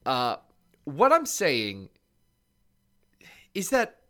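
A man's voice: a little high, wildly swooping pitch, very slow, pushed and bright. Rambling jokey man podcasting. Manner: rambling, jokey, self-deprecating. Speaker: podcast co-host. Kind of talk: casual podcast chat.

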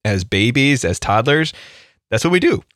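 A man's voice: mid-range voice, very animated, moderate pace, fairly bright tone, no echo, studio quality. A man hosting a podcast, talking things through in a reflective, casual way and often checking in with "right?". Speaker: podcast host. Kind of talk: casual conversation.

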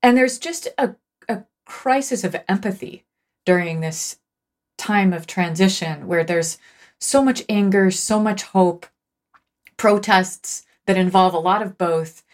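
A woman's voice: medium pitch, measured pace. A woman guesting on a talk show as an author, telling stories in a thoughtful, earnest way. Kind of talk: casual conversation.

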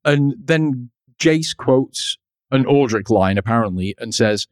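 A man of middle pitch co-hosts a laid-back podcast, walking through a cartoon episode scene by scene. He tells it like an anecdote, chatty and quick to laugh at his own asides. The voice sits close and dry, with no room sound. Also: expressive, dry recording. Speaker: podcast co-host. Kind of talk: casual chat recapping a cartoon episode.

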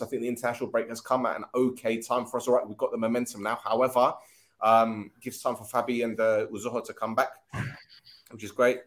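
Joking, casual male stream host. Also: medium pitch. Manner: jokey, swears freely, laughs often. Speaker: host of a fan livestream. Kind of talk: casual football chat.

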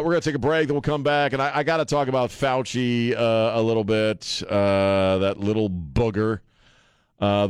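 A man's voice: low-pitched, smooth, no echo. A man hosting a talk radio show, joking bluntly and rambling with fillers as he riffs on the news. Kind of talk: casual talk radio banter. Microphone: studio microphone. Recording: dry studio sound.

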